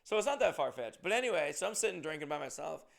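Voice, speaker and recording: A young man, a comedian, telling a profane, animated tour story in a casual monologue, with loud bursts of emphasis. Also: fairly high pitch, fast, gravelly.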